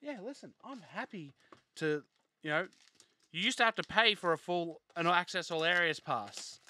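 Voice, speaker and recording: A man's voice: sits high, lively intonation, moderate pace, sharp tone, no room sound. A young man hosting a live card break, reading off player names and chatting casually with viewers.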